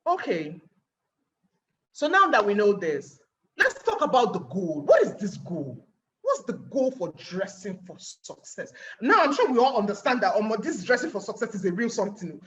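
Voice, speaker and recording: Nigerian woman, webinar speaker, lively sing-song delivery, rhetorical questions, dull lo-fi audio. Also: medium pitch, normal speed. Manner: animated, acting out little scenes and asking rhetorical questions. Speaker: guest speaker. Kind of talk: webinar talk.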